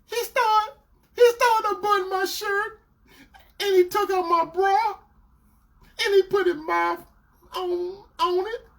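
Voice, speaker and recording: Man doing a tearful, halting young woman in falsetto. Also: fairly even intonation, creaky, a bit bright, heavily acted. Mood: tearful confession. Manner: high pleading falsetto, halting and hesitant. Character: young college woman confessing, tearful, ashamed.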